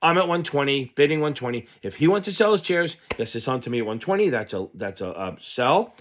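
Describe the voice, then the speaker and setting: A man tutoring for a finance exam, explaining concepts through an animated, loosely told personal story with the odd swear word. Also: medium pitch, fast, a little hiss or hum. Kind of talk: casual lesson told through a personal anecdote.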